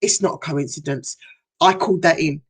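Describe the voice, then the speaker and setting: Breathy middle-aged woman telling heartfelt story. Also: sits low, normal speed. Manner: heartfelt, emotional retelling. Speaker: hypnotherapist. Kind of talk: personal storytelling on a livestream. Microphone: livestream setup.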